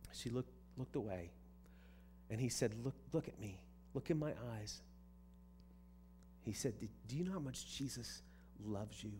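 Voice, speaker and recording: This pastor's voice sits in the mid range and sounds a little mellow. He delivers his sermon conversationally, often restarting thoughts by repeating words, over slight background noise.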